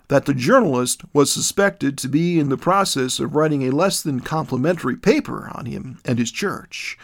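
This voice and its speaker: A man narrating a detailed dream account in a measured, descriptive reading. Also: fairly high pitch, gravelly.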